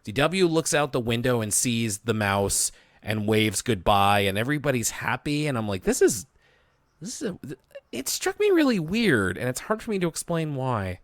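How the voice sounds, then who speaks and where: A man co-hosting a podcast recaps an episode in casual, detailed chat. His mid-pitched voice moves a lot, and the recording is dry and close. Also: sing-song, normal speed, no room sound. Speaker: podcast co-host.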